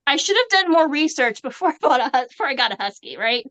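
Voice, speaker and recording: A woman in her forties on a video call, telling a home story in an animated way and acting out what people said. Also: sits high, fast, dry recording, highs cut off. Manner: animated storyteller, acts out quotes. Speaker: livestream guest. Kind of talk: casual storytelling.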